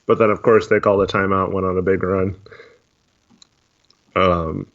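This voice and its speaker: A man chatting casually on a livestream, talking in a monotone with many fillers while reading chat. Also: low voice, normal speed. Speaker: podcast co-host. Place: voice only on a live stream. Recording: dull lo-fi stream audio.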